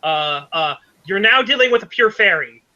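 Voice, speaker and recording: A man's voice: high voice, expressive, moderate pace, pushed and bright, lo-fi sound. A man narrating as game master of a tabletop game, rambling with many fillers and restarts.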